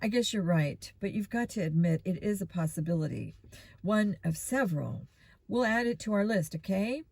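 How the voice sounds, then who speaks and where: A woman voices an excitable teenage boy sleuth who jumps to conclusions. The voice is an ordinary middle pitch, recorded close and dry. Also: vocal fry, slightly rough, no room sound. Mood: eager. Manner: eager and quick to jump to conclusions. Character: eager, impulsive teenage boy detective. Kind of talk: storybook reading.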